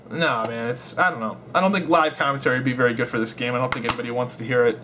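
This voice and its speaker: A man's voice: medium pitch, steady tone, rapid-fire, hardly any pauses, background noise. A young man telling a rambling, swear-filled story in a casual vlog. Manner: rambling, swears a lot, laughs while telling. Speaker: gaming vlogger.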